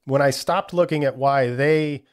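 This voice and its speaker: A man's voice: mid-range voice, measured pace, smooth. A man hosting a podcast in a casual solo talk, candid and reflective, swearing freely and thinking aloud with frequent restarts. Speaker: podcast host.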